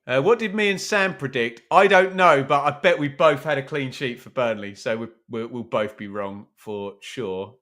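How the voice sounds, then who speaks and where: With a mid-range, fairly bright voice, this man talks at a normal pace with hardly any pauses. He's hosting a live football watch-along, keeping it chatty and self-mocking while he reads out and responds to the chat.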